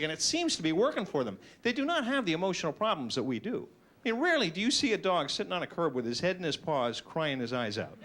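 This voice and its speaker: A man doing a stand-up routine, self-mocking and animated, slipping into silly voices. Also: high voice. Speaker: stand-up comedian.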